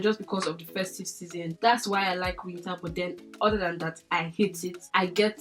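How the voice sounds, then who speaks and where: A young woman in her twenties with a Nigerian accent, chatting casually to camera as a vlogger, lively, laughing often and filling with "like". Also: on the low side. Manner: chatty, animated, laughs often, many fillers like "like".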